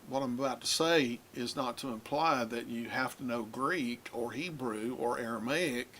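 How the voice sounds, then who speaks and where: A man teaching a lesson, talking in a halting way with many fillers and restarts. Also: medium pitch, a bit bright, slight background noise. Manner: addresses younger listeners. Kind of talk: lecture on biblical languages.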